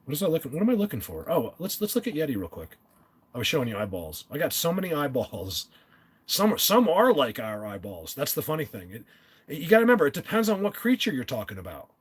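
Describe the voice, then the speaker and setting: A man with a New Jersey accent hosting a live stream, talking emphatically, yelling at times and stumbling over restarts. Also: a little high, wildly swooping pitch, fast talker, husky. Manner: emphatic, yells, stammering restarts. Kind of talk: excited live-stream talk. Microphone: phone at a desk.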